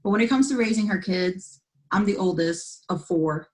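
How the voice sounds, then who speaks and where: A woman's voice: medium pitch, normal speed, low-quality recording. A woman in her twenties from New York, talking candidly in a casual panel chat and laughing easily.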